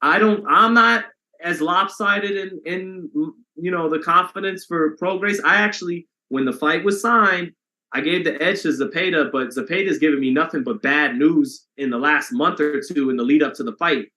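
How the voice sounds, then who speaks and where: A man's voice: fairly high pitch, moderate pace, sharp tone. A man hosting a boxing live stream, chatting casually with viewers and reading their comments aloud, with some swearing.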